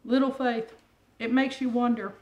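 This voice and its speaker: Animated woman preacher in an echoey room. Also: fairly high pitch, normal speed, highs cut off. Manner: animated, conversational, with rhetorical questions. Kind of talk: sermon. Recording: echoey room with faint ambient noise.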